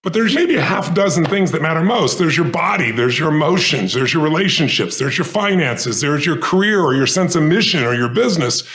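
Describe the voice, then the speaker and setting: A man's voice: on the high side, expressive, a little fast, hardly any pauses, fairly bright tone, slightly rough. A middle-aged man, a guest in an interview, telling stories earnestly and intensely and choking up with emotion. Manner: earnest, intense, gets choked up. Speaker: guest speaker.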